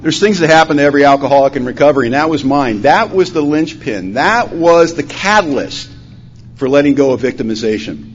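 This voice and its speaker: A man telling his recovery story at a conference, acting out the dialogue, his voice rising loud and dropping to a hush. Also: on the high side, animated, a little fast. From Washington state, USA. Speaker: recovery meeting speaker. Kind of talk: personal testimony talk. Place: conference hall. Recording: dull lo-fi conference recording, faint hum.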